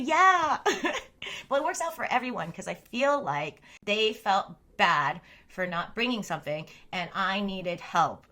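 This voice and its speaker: A woman in her thirties talks candidly to her viewers in a casual, rambling storytelling chat. Her voice is bright and forward, her asides are loose and full of fillers, and she breaks into laughter often. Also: mid-range voice. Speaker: streamer and storyteller.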